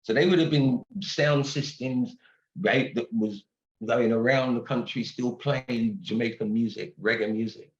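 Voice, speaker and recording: A man's voice: medium pitch, steady tone, a little slow. A man in his sixties with an English accent, a guest telling stories animatedly in a casual interview, laughing often. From England. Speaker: guest singer. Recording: roomy, dull-sounding audio.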